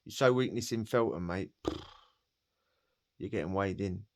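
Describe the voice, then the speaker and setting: A man's voice: low-pitched, measured pace. A man from Essex with an Essex accent telling a story casually, full of slang, swearing and laughter. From Essex, England. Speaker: podcast storyteller.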